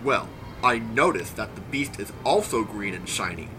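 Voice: medium pitch, expressive, moderate pace, music in the background, lightly acted. A performer playing an eager, bumbling inventor henchman in an audio drama. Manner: eager, showy.

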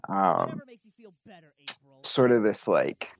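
A man's voice: low-pitched, huge pitch swings, very slow, vocal fry. A man who wrote the drama, talking reflectively in a casual chat with many fillers. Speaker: writer.

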